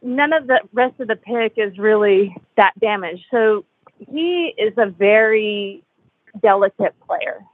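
Guitarist guest, higher voice, husky, giggly self-mocking storyteller over a dry phone line. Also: male voice, animated, slow, dry recording. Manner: laughing, self-deprecating storyteller. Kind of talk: casual interview anecdote.

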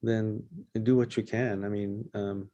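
A man leading a casual Bible study discussion, talking in a halting way with many fillers and restarts. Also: lowish voice, level tone, dark tone, no room sound, muffled recording.

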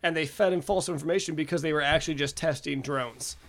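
A man's voice: on the high side, fast talker, a crowd in the background. A man co-hosting a casual podcast chat, rambling with many fillers and restarts, swearing freely. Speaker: podcast co-host.

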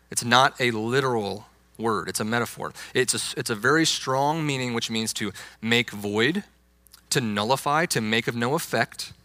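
A man's voice: medium pitch, sharp tone, dry recording. A young adult man, a youth pastor, preaching a sermon with emphatic, insistent stress on key words.

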